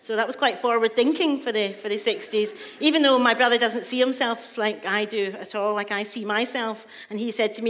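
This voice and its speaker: A woman telling a lively personal story on a festival stage. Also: a little high, brisk, few pauses. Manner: lively anecdote with acted quotes. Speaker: festival speaker.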